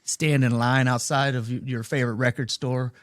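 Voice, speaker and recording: Casting: easygoing middle-aged male co-host, relaxed chat, dry sound. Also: mid-range voice, normal speed, no room sound. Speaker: podcast co-host. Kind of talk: casual chat.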